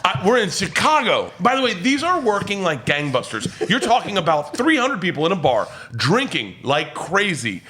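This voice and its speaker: A comedian telling rowdy stories in a casual podcast chat, loud and laughing as he goes. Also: a little high. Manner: loud, laughing, animated storyteller. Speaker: comedian guest.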